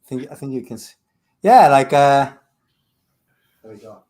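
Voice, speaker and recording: A man on a headset making sales calls and joking with a co-host, quick and self-mocking. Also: medium pitch, expressive, a little mellow. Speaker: sales trainer cold calling on a stream. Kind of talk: casual banter and sales calls.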